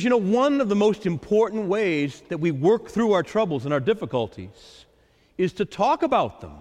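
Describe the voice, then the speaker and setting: High-voiced priest giving a sermon, super lively, big echoey church. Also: male voice. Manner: animated, dramatizing the Lord's and disciples' lines. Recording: echoey church with long reverb.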